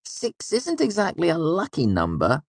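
Brief: modest young male minstrel in an audiobook, lively but guarded, as a male narrator voices him. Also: fairly high pitch, normal speed, vocal fry, slightly rough, no room sound, pitched above the performer's own voice, exaggerated voice. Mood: hedging. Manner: hedging, modest.

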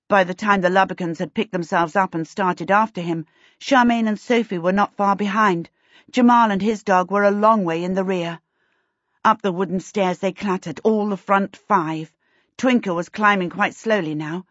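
A woman narrating a fantasy novel in a measured, expressive way. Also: medium pitch, no echo. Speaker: audiobook narrator. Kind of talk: scripted narration. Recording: dull dry lo-fi recording.

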